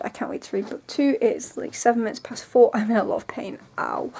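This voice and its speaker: Young woman, book vlogger, rambling and emotional, slightly high voice, tired and sore. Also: animated, brisk, gravelly, hardly any pauses, mellow. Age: 20s. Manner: rambling, emotional, full of "like"s and restarts. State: tired and in pain. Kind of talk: casual vlog chat.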